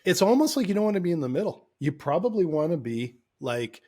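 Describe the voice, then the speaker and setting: A man's voice: on the high side, very animated, fast, warm tone. A man co-hosting a business podcast, rambling loosely with lots of restarts and filler. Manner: rambling, full of restarts and likes. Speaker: podcast co-host. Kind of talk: casual podcast chat.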